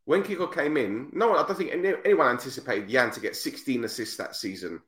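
Man, lively swinging pitch, roomy echo, casual podcast storytelling. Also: fast talker. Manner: animated storyteller, acts out voices, repeats himself. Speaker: podcast host. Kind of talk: casual football podcast chat.

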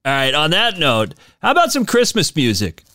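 A man's voice: normal speed, no echo, studio quality. A man hosting a podcast on his own, chatty and joking, laughing at his own asides. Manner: animated, swoops up and down in pitch. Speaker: podcast host. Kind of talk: casual solo podcast talk.

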